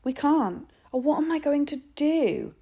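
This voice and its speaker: A woman's voice: high voice, big pitch swings, measured pace, creaky, dark tone, pitched above the performer's own voice, exaggerated voice. A woman voicing a scared, anxious younger boy who pleads as if close to tears in a storybook reading.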